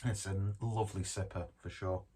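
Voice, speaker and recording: A man's voice: low voice, fairly even intonation, normal speed, dark tone, slightly rough. A man reviewing a beer in a casual, rambling way, joking about himself and swearing now and then. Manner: rambling, jokey, self-deprecating, swears casually. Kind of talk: casual tasting chat.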